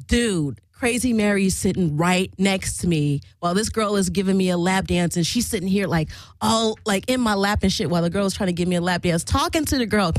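A woman casually telling a long personal story, animated and profane, full of fillers and restarts. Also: mid-range voice, brisk, hardly any pauses, no echo, low-quality recording.

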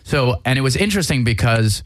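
A man's voice: mid-range voice, lively intonation, brisk, dry recording, clean studio sound. A man hosting a casual chat, rambling through a movie plot with profanity, fillers and restarts.

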